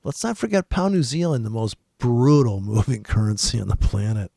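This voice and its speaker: A man's voice: mid-range voice, lively intonation, moderate pace, creaky, warm tone, no room sound, clean studio sound. A man giving a rambling, profane forex market commentary, swearing often and laughing at his own jokes. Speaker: forex trader giving weekly forecast.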